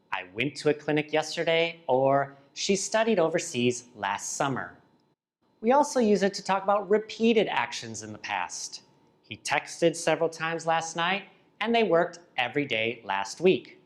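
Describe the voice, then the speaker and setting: An English teacher narrating a scripted grammar lesson, speaking slowly and enunciating each drilled word pair with care. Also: medium pitch. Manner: slow, careful enunciation of drilled word pairs.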